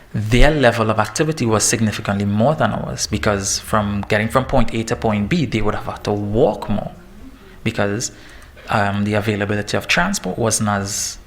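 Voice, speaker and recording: Gravelly low man. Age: 30s. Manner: lively and joking, laughs at himself. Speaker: fitness trainer giving a talk. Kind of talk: presentation to parents.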